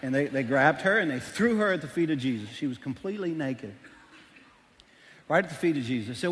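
A middle-aged man, preaching a sermon as pastor, telling stories animatedly and swinging between loud and hushed. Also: fairly high pitch, expressive, fairly quick. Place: church auditorium. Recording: long reverb of a large hall.

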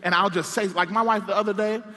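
High, bright-voiced preacher in a big hall. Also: male voice, quick pace. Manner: animated, playful, self-deprecating asides. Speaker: pastor. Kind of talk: comedic sermon storytelling. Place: large church sanctuary. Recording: long hall reverb.

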